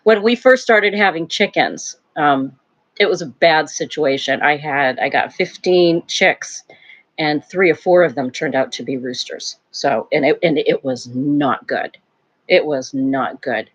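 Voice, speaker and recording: A woman's voice: low-pitched, unhurried, muffled recording. An older woman hosting a casual live stream from home, chatting in a rambling way and laughing often. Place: home, near a wood stove.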